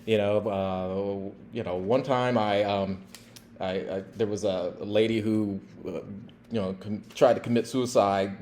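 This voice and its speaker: A middle-aged man, a former police officer hosting a podcast, tells stories in a relaxed, chatty way with lots of fillers. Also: on the low side, a little slow, a little hiss or hum. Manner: relaxed and chatty with many fillers, laughing at his own story. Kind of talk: casual storytelling.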